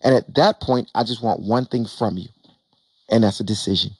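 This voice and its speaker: A man who invests in real estate gives an emphatic, animated talk to an audience on a panel, repeating phrases and acting out bits of dialogue. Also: lowish voice, moderate pace, slightly rough, dry recording. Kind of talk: motivational stage talk to an audience.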